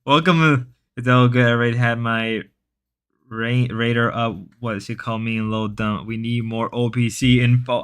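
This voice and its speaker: Male livestream host, bright and crisp, mid-pitched, casual chat delivery that rambles and stumbles as he reads chat aloud. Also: fairly even intonation, normal speed.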